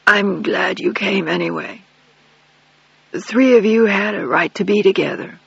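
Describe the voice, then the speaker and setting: A man reading a remorseful old father, husky. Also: sits high, a bit bright, no room sound, exaggerated voice. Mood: sorrowful. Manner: mournful, halting, apologetic. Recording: dull lo-fi dry recording.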